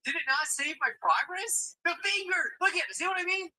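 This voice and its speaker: A man streaming live, giving casual, animated commentary on a puzzle game with quick reactions. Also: extremely high pitch, a crowd in the background, low-quality recording. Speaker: livestreamer. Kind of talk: gaming livestream commentary.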